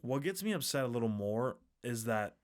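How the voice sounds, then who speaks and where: A man co-hosting a casual podcast, emphatic and quick, often restarting his phrases. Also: mid-range voice, animated. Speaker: podcast co-host.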